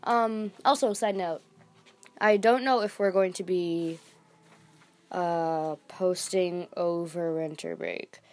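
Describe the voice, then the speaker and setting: A woman's voice: fairly low pitch, fairly even intonation, slow pace, a little mellow. A teenage girl co-hosting a casual podcast, rambling with lots of fillers and giggles. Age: teens. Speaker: podcast co-host. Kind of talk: casual chat.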